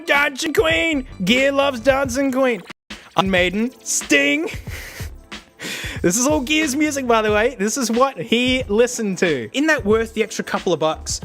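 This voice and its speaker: A young Australian man giving excitable, jokey commentary while showing old gadgets. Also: sits high. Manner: excitable, jokey, bursts into laughter. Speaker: tech reviewer. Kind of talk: casual video commentary.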